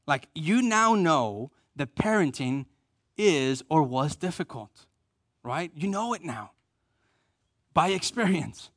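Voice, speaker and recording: A middle-aged man preaching a conversational sermon, repeating key phrases for emphasis and joking at his own expense, going soft and low for tender points. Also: sing-song, takes it slowly, no room sound, studio quality. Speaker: pastor.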